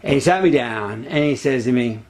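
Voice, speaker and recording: A man coaching an actor on set, rattling off instructions quickly and repeating himself. His delivery is pushy and peppered with swearing, at a middling pitch for a man. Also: darkish tone, a little hiss or hum. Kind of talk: casual on-set direction.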